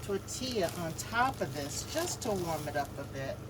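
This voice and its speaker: A woman's voice: lowish voice, sing-song, moderate pace, heavy background noise. A woman chatting casually through an off-grid cooking vlog, describing her food and talking to her pets. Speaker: vlogger. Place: living off grid, in or by a vehicle.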